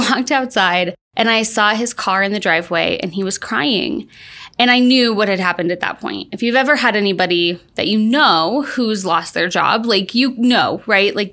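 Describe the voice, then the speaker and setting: Upbeat woman podcast host, higher voice. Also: a bit bright. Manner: upbeat, chatty, frequent "like" and laughs. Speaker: podcast host, launch coach. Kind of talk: personal storytelling podcast.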